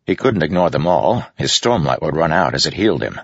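A man narrating a fantasy audiobook in a measured, dramatic reading. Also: very deep voice, sing-song, breathy edge, no room sound, lo-fi sound. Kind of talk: scripted narration.

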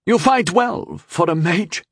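A man acting out a proud young knight who growls his demands in a raised, strained voice. He sounds stubborn and quick to anger in this storybook reading. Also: high-pitched, lively intonation, dry recording, clean studio sound, pitched above the performer's own voice, exaggerated voice. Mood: breathless. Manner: gruff, demanding.

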